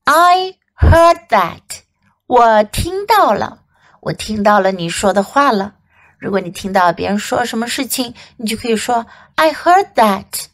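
A woman English teacher reading a storybook to children and slowly explaining phrases. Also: medium pitch, very animated. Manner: slow, clear, explaining and repeating for children.

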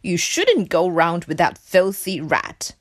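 A woman's voice: fairly low pitch, big pitch swings, takes it slowly, no room sound, clean studio sound. A woman voicing a suspicious, hostile female pig in a storybook reading, scolding and indignant.

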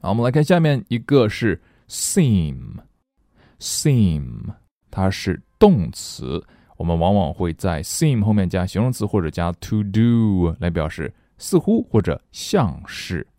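Middle-aged male teacher, playful and animated; low, mellow voice, dry recording. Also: a little slow, dry recording. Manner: playful, animated explaining with jokes about himself. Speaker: English teacher. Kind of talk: friendly audio lesson with storytelling.

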